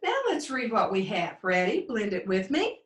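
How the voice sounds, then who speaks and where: A woman teaching a phonics lesson to young children, sounding out words slowly in an encouraging sing-song way. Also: medium pitch, sing-song, reverberant, far from the mic. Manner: slow, drawn-out sounding out of words. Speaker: second grade teacher.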